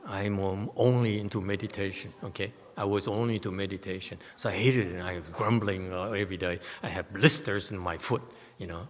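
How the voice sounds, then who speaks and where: A man's voice: sits low, fairly even intonation, a little fast, in a large hall. A man giving a Buddhist dharma talk, telling stories animatedly and tossing rhetorical questions to his listeners. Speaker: Buddhist teacher. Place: temple hall.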